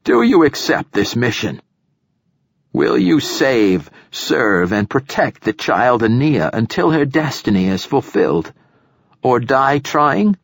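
A man voicing an ancient, frail male poet who is imperious and profane, with a rasping, snappish delivery. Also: fairly low pitch, sing-song, unhurried, no echo, full character voice. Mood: formal. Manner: snappish and formal.

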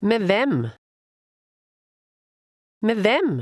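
A woman giving short, lively model phrases for learners to repeat. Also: on the high side, very slow, dry recording, clean studio sound. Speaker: native-speaker model voice.

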